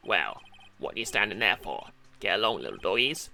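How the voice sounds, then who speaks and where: A man doing a swaggering cowboy security guard with a put-on Western drawl, gruff and folksy. The voice drops low and rolls lazily through each phrase. It is a lively, bright game-stream character voice. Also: brisk, soft background music, full character voice.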